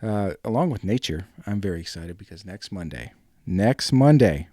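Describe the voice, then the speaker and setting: A man's voice: sits low, fairly quick, a little mellow, no room sound, studio quality. A man from New England hosting a solo podcast, chatting in a rambling way with lots of fillers. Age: adult, married ten years. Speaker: podcast host. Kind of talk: casual solo podcast chat.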